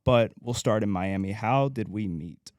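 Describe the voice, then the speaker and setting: A man's voice: on the low side, a little slow, a little mellow, dry recording, studio quality. A young man hosting a podcast in a laid-back casual chat, teasing his co-host dryly. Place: small room, podcast setup.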